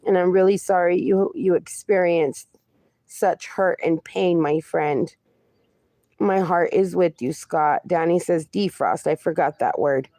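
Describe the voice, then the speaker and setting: A woman's voice: fairly low pitch, measured pace, mellow, dry recording. A woman in her forties hosting a casual livestream, reading viewer comments aloud and answering them fondly, calling people "my darling" and "my friend". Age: 40s. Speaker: livestream host.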